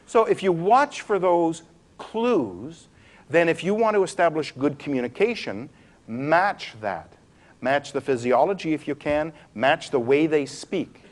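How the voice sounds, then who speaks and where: A man presenting a workshop to a room of people, animated and demonstrative, swinging his pitch and pace to show different ways of talking. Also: unhurried. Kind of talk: live workshop talk to a room. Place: room with a live audience.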